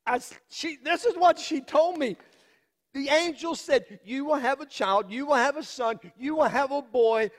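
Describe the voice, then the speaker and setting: A man playing Mary's middle-aged father, telling the story in an earnest, halting first-person monologue. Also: extremely high pitch, long reverb tail. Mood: awed storytelling. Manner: slow, emphatic, with halting repeats and long pauses.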